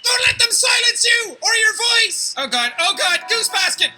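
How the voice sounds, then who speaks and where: Woman putting on a goose voice, high-pitched, swooping, bright, shouty, video game commentary, faint music. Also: very animated, moderate pace, heavily acted. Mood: rallying. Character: rabble-rousing goose calling geese to revolt.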